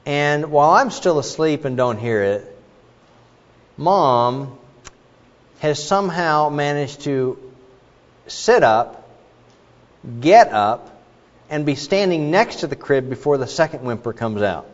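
A man's voice: a little high, lively intonation, slow pace, long pauses. A middle-aged man preaching a sermon as a pastor, earnest, telling stories with frequent fillers. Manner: earnest, with many fillers and illustrations. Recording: dull reverberant hall recording.

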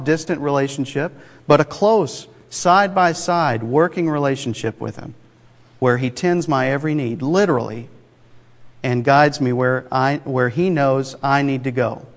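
Conversational preacher in a reverberant hall. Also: male voice, fairly high pitch. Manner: conversational, emphatic, rhetorical asides. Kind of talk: sermon.

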